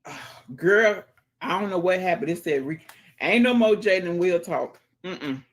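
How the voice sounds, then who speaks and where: A fairly low-pitched woman, animated yet a little slow, hosts a casual livestream recorded through a phone. Reading viewer comments aloud, she throws in folksy exclamations and drops into murmurs and whispers.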